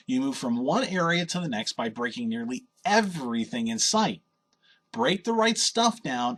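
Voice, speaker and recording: Man, game review voice-over, husky tone, lively animated delivery, sardonic. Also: mid-range voice. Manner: opinionated, wry and sardonic. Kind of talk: scripted review narration.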